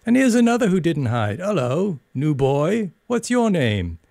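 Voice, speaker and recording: A man's voice: fairly high pitch, sing-song, vocal fry, darkish tone, no echo, clean studio sound, voice pushed up, exaggerated voice. A man voicing a bossy older schoolboy who teases the younger boys. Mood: teasing. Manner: brisk, teasing calls.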